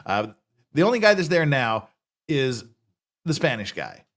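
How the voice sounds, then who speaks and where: A man's voice: medium pitch, big pitch swings, a little slow, a bit bright. A man giving a casual, unscripted recap of a TV episode, rambling and correcting himself as he goes. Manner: rambling, frequent restarts and self-corrections; casual, conversational. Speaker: TV series reviewer.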